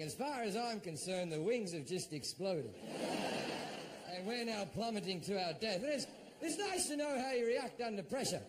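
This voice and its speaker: A middle-aged Australian man doing stand-up, telling a story in a profane, animated way and shouting out his own quoted lines. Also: very high-pitched, noisy background. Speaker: stand-up comedian.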